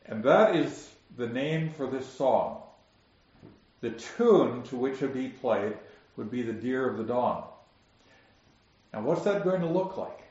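A man's voice: medium pitch, expressive, unhurried, pauses often, a little mellow. Man teaching scripture in an echoey room. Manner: reads scripture aloud and explains it, asks the audience questions. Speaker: Bible teacher. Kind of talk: Bible study teaching. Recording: very echoey muffled room recording.

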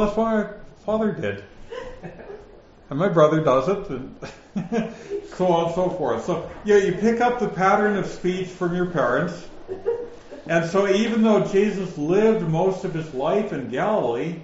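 A man with a northern Minnesota accent teaches scripture at an unhurried, deliberate pace. His speech is flat, and even his questions land like statements. The room is roomy and the sound slightly dull. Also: high-pitched, a little hiss or hum. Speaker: Bible teacher. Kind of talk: relaxed Bible teaching.

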